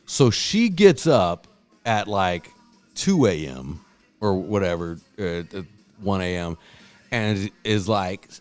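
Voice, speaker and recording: A man hosting a podcast, telling stories in casual chat, swearing a lot and loudly acting out what people said. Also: low-pitched, big pitch swings, slow pace, faint music behind. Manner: profane, storytelling, acts out quotes loudly. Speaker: podcast host.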